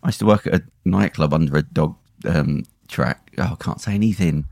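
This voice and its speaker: A man's voice: sits low, fairly quick, creaky, a little mellow, dry recording, clean studio sound. A man co-hosting a podcast in casual conversation, chatty and giggly, jumping between questions. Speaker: podcast co-host.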